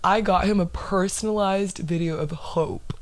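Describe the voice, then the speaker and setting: A young woman talks through a casual podcast conversation with lively energy, laughing easily and cursing freely. Her voice sits at a middle pitch for a woman. The sound is dry and close, with no room around it. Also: normal speed, no echo. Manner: animated, laughing, swears freely. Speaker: podcast host.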